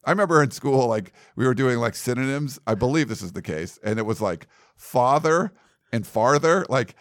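A man's voice: medium pitch, expressive, a little fast, dry recording, clean studio sound. A man hosting a casual sports podcast, rambling with lots of likes and ums. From United States. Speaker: podcast host.

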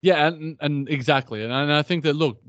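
A man's voice: a little high, moderate pace, no echo. Chatty Australian man, dull dry sound. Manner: chatty, many restarts and asides. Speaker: podcast co-host. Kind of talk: casual sports podcast chat.

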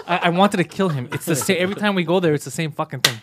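A young man talks fast in a slightly high voice, retelling an annoying story with animated exasperation. His chat is casual and full of swearing, and his lines come quickly.

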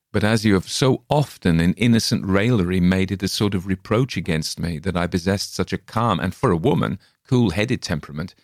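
A man reading a story aloud in a measured, grave narration. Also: low voice, dry recording, clean studio sound. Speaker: audiobook reader. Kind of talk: scripted narration.

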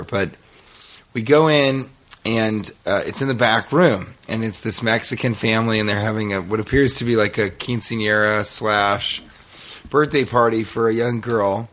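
A man's voice: fairly low pitch, normal speed. Rambling man telling a story. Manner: rambling, animated storytelling with laughs. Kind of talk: casual podcast chat.

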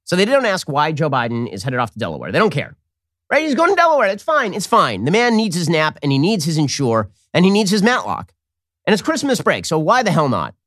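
Male commentary host, sarcastic and combative, lively swinging pitch, dry close mic. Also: a little fast, no echo. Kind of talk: political commentary monologue.

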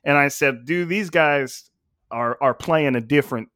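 A man hosting a sports podcast, talking casually in a loose, relaxed way. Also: a little high, unhurried, no room sound, studio quality. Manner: laid-back, loose, filler-heavy. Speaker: podcast host.

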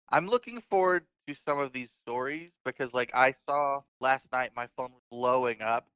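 A man's voice: mid-range voice, moderate pace, clean tone, dry recording, lo-fi sound. A man on a podcast who explains facts plainly in casual chat and swears offhand.

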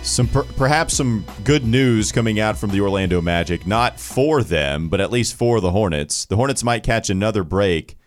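A man's voice: lowish voice, animated, normal speed, hardly any pauses, faint music behind. A man co-hosting a sports podcast in casual chat, talking through team news, laughing easily and tripping over player names. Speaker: podcast co-host.

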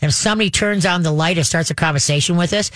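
A woman's voice: on the low side, racing, fairly bright tone, no room sound. Woman, puppy trainer on a radio advice show, folksy, talky, chants commands, dry close mic. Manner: folksy, checks in with frequent "okay?", chants the commands.

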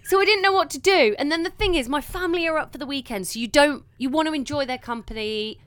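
A woman in her thirties with a bright, clean and fairly high voice, chatting casually as a co-host. She tells long everyday stories, acting out her own words along the way and dropping in the odd swear word. The sound is close and dry. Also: fast, no room sound. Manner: chatty storyteller who swears and acts out her own quotes. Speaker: podcast co-host. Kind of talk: casual chat.

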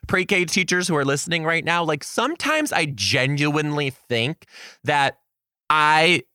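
Young male podcast host, bright voice, animated comic storyteller, dry close recording. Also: measured pace, clean tone, dry recording. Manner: animated, jokey, laughs often, squeals into high voices for quotes. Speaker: podcast host and kindergarten teacher. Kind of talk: comedic storytelling.

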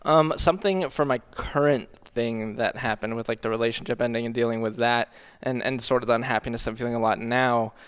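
A man telling a painful personal story on a podcast, halting and earnest, often apologizing. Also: mid-range voice, smooth. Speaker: podcast regular.

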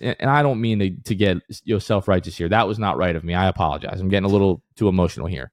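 A man co-hosting a casual sports podcast who talks in animated bursts and rants, then calls himself back down. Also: sits low, quick pace, few pauses, no room sound, studio quality. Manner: animated, ranting then apologizing. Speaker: podcast co-host.

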